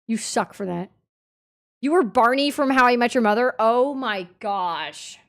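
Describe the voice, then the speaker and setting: A young woman streamer chatting casually with her audience and reading chat aloud, swinging from mumbled asides to loud indignant outbursts. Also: a little high.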